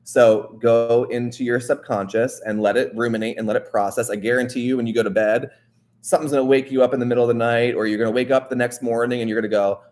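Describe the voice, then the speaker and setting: A man of ordinary pitch hosts a wellness show and talks straight to the listener. His delivery is earnest and coaching, and he keeps checking in with a quick "right?". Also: steady tone, darkish tone. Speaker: wellness podcast host. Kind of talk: motivational casual talk.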